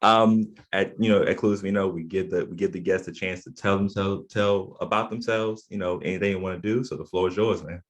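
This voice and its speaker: A man's voice: sits low, steady tone, fairly quick, few pauses. A young man, a podcast host from the Eastern Shore, chatting in a laid-back, slangy way and often repeating words. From Eastern Shore, USA. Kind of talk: casual chat.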